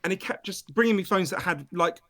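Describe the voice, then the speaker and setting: A British man with a fairly high voice tells his stories with real animation. He is a guest author in an interview, emphatic and quick to swear. His pitch leaps and swoops as he gets caught up in the telling. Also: a bit bright. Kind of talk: storytelling interview.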